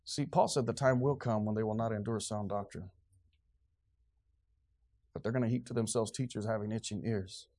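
A man's voice: lowish voice, fairly even intonation, moderate pace, long pauses, warm tone. A man preaching a sermon in a church, fervent and sarcastic and quizzing his congregation. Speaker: pastor.

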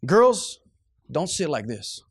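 A middle-aged man preaches with fervent, preachy conviction. His voice sits somewhat high for a man, and he now and then loses his train of thought. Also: animated, normal speed. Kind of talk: sermon.

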